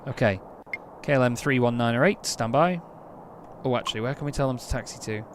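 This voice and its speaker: A man from England talks casually on a live stream, thinking aloud and slipping into crisp, clipped radio-controller phrasing. His voice sits at an ordinary pitch, with a faint hiss of background noise under the desk microphone. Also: fairly quick. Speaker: streamer playing an air traffic control game.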